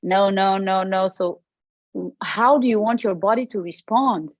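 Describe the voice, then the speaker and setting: Appearing as a guest on a podcast, a Portuguese-accented medicine practitioner talks in a mid-range voice at a measured pace. Her manner is animated and emphatic, and she tends to repeat points. The audio is dull, with no room sound.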